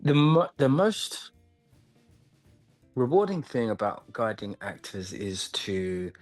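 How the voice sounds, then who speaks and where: A man from London, an actor and acting coach, giving thoughtful interview answers with pauses and restarts over a video call. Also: mid-range voice, very animated, faint music behind.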